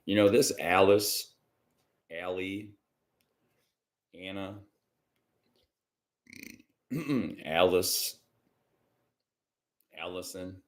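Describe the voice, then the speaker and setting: A man hosting a casual psychic reading livestream from home, rambling and chatty and often clearing his throat. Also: low-pitched, drawn-out words, long pauses. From Michigan. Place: indoors at home.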